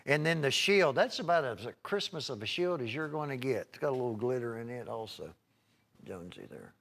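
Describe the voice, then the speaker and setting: A man's voice: medium pitch, expressive, a little fast, fairly bright tone. A man hosting a live home shopping broadcast, chatting in a folksy, rambling way while reeling off prices and item numbers. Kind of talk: live televised sales pitch.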